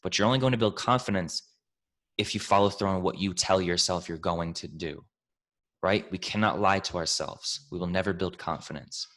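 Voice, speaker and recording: Low-voiced man giving a profane pep talk. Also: moderate pace, fairly bright tone. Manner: calls listeners family, team, baby. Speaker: trading mentor answering questions. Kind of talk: casual Q&A talk.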